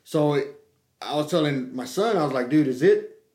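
A middle-aged man telling a story in casual chat, swearing freely and acting out quotes with lively energy. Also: fairly high pitch, moderate pace. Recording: echoey room.

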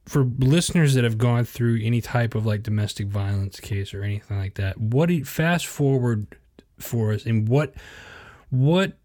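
Halting male podcast host, dry sound. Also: medium pitch, a little mellow, no echo. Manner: halting, restarts his questions. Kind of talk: interview.

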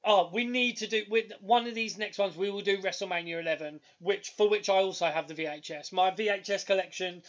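Male podcast co-host, high voice, excitable storyteller, muffled lo-fi recording. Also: brisk, few pauses. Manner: excitable, animated storytelling with loud bursts. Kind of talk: casual chat.

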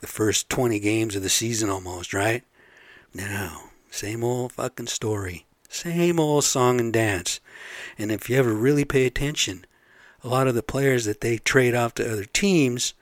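There's no room sound around this low-voiced vlog host. He rambles bluntly through a casual monologue full of profanity, often turning to listeners with a "right?"

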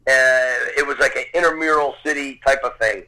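A man recounts a childhood story in an earnest, conversational way, voicing the people he quotes as he goes. His voice is bright and forceful. The sound is thin, like a phone line or radio broadcast. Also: mid-range voice, fairly quick, soft background music. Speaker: storyteller guest. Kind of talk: personal anecdote, casual storytelling.

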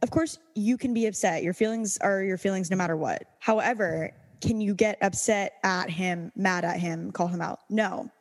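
A woman's voice: medium pitch, moderate pace, hardly any pauses, big-room sound. A young woman co-hosting a podcast, giving frank, upbeat advice in a casual chat. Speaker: podcast co-host.

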